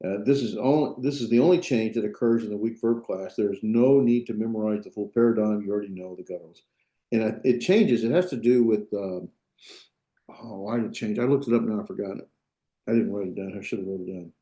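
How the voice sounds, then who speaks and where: A man's voice: on the low side, fast talker, dark tone. A man teaching a Biblical Hebrew grammar class, explaining step by step, thinking aloud and checking in with his students. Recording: echoey classroom.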